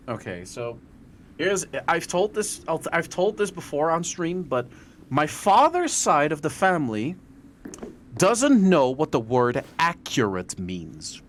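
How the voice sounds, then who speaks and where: Lively Dutch man telling stories. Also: a little high, slow pace, pauses often, a little hiss or hum. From Netherlands. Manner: animated storyteller, self-deprecating. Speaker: streamer and podcast host. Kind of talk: casual podcast chat.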